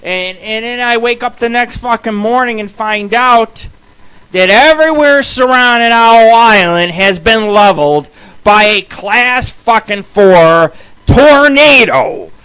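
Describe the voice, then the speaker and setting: High bright-voiced swearing male host. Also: expressive, takes it slowly, clean tone, poor audio. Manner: rambling, swears constantly, shouts punchlines. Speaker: radio show host. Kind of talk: profane comic storytelling.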